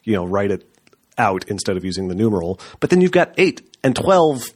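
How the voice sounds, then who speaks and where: A man with a fairly low voice co-hosting a casual podcast chat. He rambles through his points with plenty of swearing, fillers and restarts, in an offhand, unpolished way. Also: very animated, brisk, a little mellow, breathy edge. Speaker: podcast co-host.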